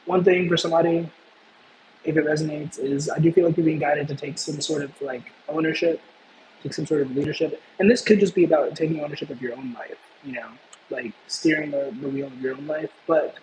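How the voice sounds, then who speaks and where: A man giving a casual tarot reading, rambling and playful, often breaking off mid-thought. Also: on the high side. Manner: rambling, playful, self-interrupting. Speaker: tarot reader. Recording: echoey room with faint background noise.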